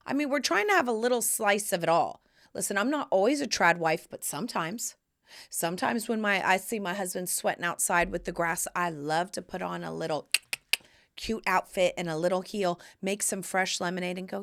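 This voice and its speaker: A woman's voice: medium pitch, animated, moderate pace, fairly bright tone. A woman hosting a podcast, telling stories in a chatty, playful way with sassy asides. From United States. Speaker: podcast host. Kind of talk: casual chat to camera.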